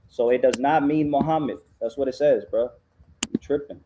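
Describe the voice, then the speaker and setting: A man in a casual heated debate, arguing his point, reading text aloud slowly and calling the other man "bro". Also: mid-range voice, fairly even intonation, mellow, a little hiss or hum, poor audio.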